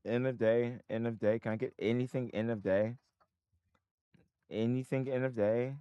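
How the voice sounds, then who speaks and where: A man's voice: medium pitch, fairly even intonation, normal speed, smooth, no echo, dull audio. Swearing, self-critical male trading streamer. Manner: swings from muttering to frustrated outbursts, swearing; self-critical, talking to himself. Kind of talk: live stream commentary.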